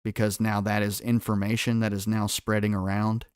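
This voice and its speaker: A man's voice: on the low side, flat delivery, normal speed, clear, resonant tone, dry recording. Give me a man hosting a livestream quiz, asking his viewers questions and reading their replies, in a dry, close recording. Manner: quizzes viewers and reads out chat answers. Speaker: livestream host. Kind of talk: quiz-style livestream chat.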